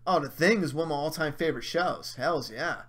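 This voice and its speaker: A man hosting a casual livestream, his voice sitting a touch high for a man. He swears freely and works himself up into heated rants full of mocking asides, then answers viewer chat in an easy, offhand way. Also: fairly quick, a bit bright.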